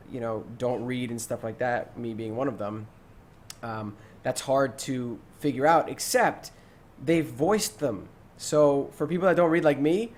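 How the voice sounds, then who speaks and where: A man co-hosting a gaming podcast, chatting casually with animated, jokey energy and free swearing. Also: fairly high pitch. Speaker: podcast co-host.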